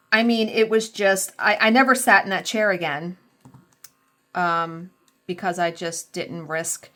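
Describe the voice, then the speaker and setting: A woman's voice: medium pitch, bright, forceful tone. A woman in her forties chatting candidly as a crafting vlogger, rambling and swearing freely while she works. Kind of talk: casual storytelling chat while crafting.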